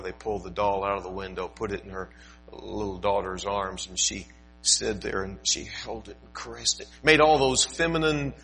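A man's voice: on the low side, a bit bright, poor audio. An older man preaching a sermon, telling a story in a folksy way with asides and emphatic rises. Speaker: pastor.

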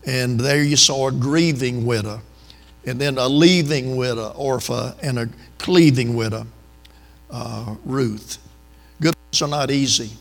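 A man's voice: mid-range voice, measured pace, creaky, in a large hall. A man, preaching a sermon in a folksy, storytelling way with asides to the congregation.

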